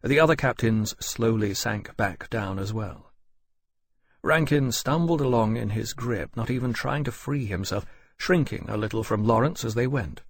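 Male audiobook narrator, measured and even; husky, lowish, dry booth sound. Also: dry recording. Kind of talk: scripted narration.

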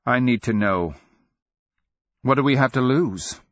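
A man's voice: mid-range voice, unhurried, fairly bright tone, dry recording, highs cut off, voice pushed up, lightly acted. A man voicing a volatile empress mother. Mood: urgent. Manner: impassioned, breaking into outbursts. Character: anxious, volatile empress mother, middle-aged woman.

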